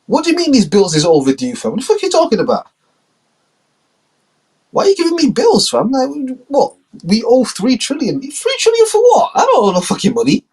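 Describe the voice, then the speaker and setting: A man voicing a brash, drunk, boastful male leader who shouts indignantly in street slang. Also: very high-pitched, wildly swooping pitch, brisk, husky, voice pushed up, exaggerated voice. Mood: indignant ranting.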